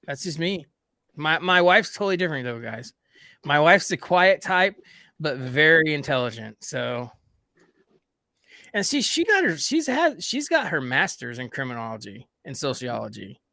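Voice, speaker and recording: Bright-voiced man rambling to his viewers. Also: fairly high pitch, very animated, normal speed, creaky, long pauses, no echo, clean studio sound. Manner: rambling, keeps addressing viewers as guys. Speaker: livestream host. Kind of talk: casual group chat.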